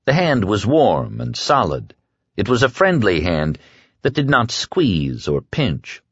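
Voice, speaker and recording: A man narrating an audiobook in a lively, expressive way. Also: on the low side, slightly rough, no room sound. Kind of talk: scripted narration. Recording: dull, dry lo-fi recording.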